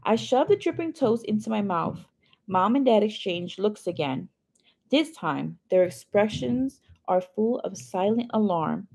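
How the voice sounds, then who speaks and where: Husky woman reading a novel aloud. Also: mid-range voice, animated, unhurried, darkish tone. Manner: chatty asides to listeners. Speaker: reader.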